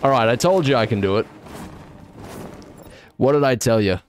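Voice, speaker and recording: A young man streaming a video game live, commenting in an excitable, jokey and self-mocking way. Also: medium pitch, normal speed, slight background noise.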